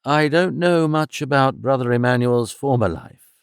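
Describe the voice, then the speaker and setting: A man's voice: medium pitch, moderate pace, gravelly, smooth, no echo, clean studio sound, close to an everyday voice. A man voicing a polite, reserved older abbot who answers courteously but evasively.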